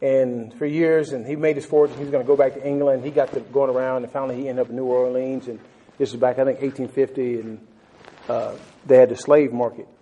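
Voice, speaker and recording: A man's voice: mid-range voice, flat delivery, a little fast, warm tone, muffled recording. A man preaching a sermon and telling a story, talking fervently with frequent stumbling restarts, throwing in "man", and asking the listeners questions.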